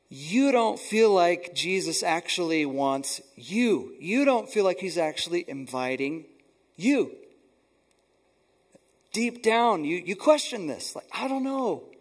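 A man's voice: sits high, slightly rough. A man preaching a sermon as pastor, earnest and emphatic, often repeating words for stress. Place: church sanctuary.

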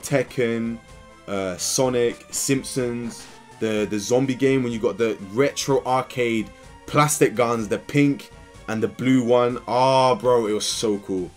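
A young man telling a rambling, animated story while playing a video game. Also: mid-range voice, soft background music. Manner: rambling and animated, quick bursts of excitement. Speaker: gaming channel host. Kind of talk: casual let's play storytelling.

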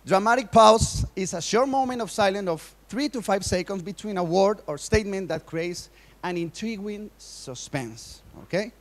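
Male conference speaker with a high voice, Spanish as his first language, teaching public speaking in nervous, laughing English. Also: moderate pace. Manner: nervous, laughs often, non-native phrasing. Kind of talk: public speaking workshop talk. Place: conference hall in Madrid.

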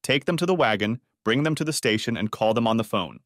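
A man's voice: mid-range voice, animated, fast talker, a bit bright, no room sound, clean studio sound. A man playing a firm plainclothes detective. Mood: stern. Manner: firm, matter-of-fact. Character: stern, persuasive adult male plainclothes detective.

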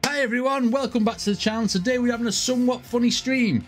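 A man's voice: very high-pitched, quick pace, over music. A man from north-west England, hosting a reaction video, laughing a lot and explaining slang to his viewers. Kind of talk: casual reaction commentary.

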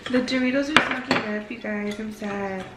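A woman's voice: on the high side, moderate pace, reverberant, very noisy. A young woman in her twenties chatting casually for a vlog from a parked car, swearing and laughing easily as she talks about food. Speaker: vlogger.

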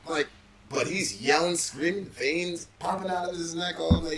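A man's voice: fairly high pitch, normal speed, creaky, noisy background. A man telling a story in a casual, loose way, using "like" and "bro" constantly. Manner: loose, filler-heavy, says "like" and "bro" constantly. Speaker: former call center supervisor. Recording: roomy and distant from the mic, faint music.

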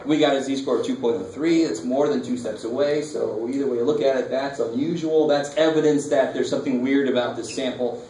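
A man's voice: mid-range voice, fairly even intonation, brisk, dark tone. A man teaching a math lecture, talking casually and asking the class questions. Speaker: math instructor. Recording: echoey classroom from far off, faint noise.

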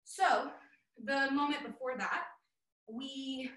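Woman, high voice, roomy echo, dance teacher, playful, counts beats, video call. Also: fairly even intonation, slow, a bit bright. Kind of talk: online dance class instruction.

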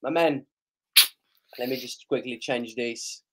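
A man hosting a live match reaction stream, slightly hoarse, excitable and shouting and chanting at big chances. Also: mid-range voice, slow, very noisy. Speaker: live stream host, fan of the team.

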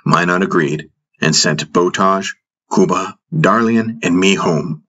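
A man narrating a fantasy audiobook in the first person, in a measured storytelling manner. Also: deep voice, fairly bright tone, slightly rough.

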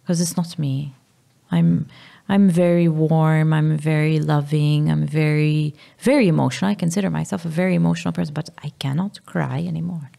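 A Maltese woman in her thirties, speaking candidly as a podcast guest, halting and sometimes dropping to a whisper. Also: low-pitched, fairly even intonation, vocal fry, dark tone. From Malta. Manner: halting, drops to a whisper at times. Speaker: guest, mother.

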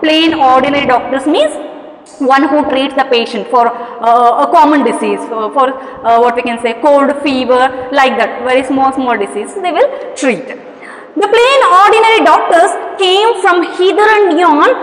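A woman's voice: high voice, moderate pace. A woman with a Kannada-influenced Indian English accent, teaching an English story lesson, repeating points and answering her own questions. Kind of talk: classroom lesson explaining a story. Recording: echoey room with long reverb.

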